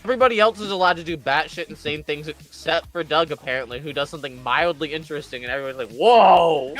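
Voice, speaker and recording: A man playing in a tabletop game, talking casually with animated, sarcastic banter. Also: on the high side, fast, soft background music. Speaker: player.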